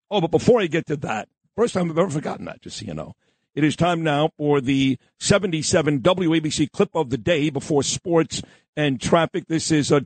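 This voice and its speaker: Brisk male radio talk host. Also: fairly high pitch, dry recording. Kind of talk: radio talk show hosting.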